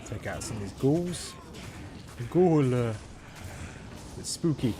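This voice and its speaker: A man's voice: medium pitch, moderate pace. A young man giving live commentary while streaming a game, thinking aloud in a chatty way with frequent ums and restarts. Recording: steady background noise.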